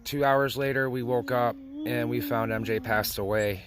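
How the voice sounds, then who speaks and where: A man's voice: medium pitch, fairly even intonation, normal speed, crowd noise. A young adult man, a father, giving a blunt, emotional personal testimony that turns tearful at times. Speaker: father telling family story.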